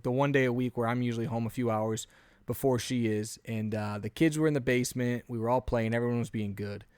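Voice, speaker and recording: A man in his thirties, a podcast co-host telling an animated story in a casual chat, often acting out what he said. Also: medium pitch, smooth, no echo.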